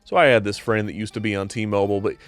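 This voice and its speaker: A man's voice: lowish voice, fairly even intonation, fast. A man hosting a comedic commentary show, ranting in an exasperated, sarcastic way.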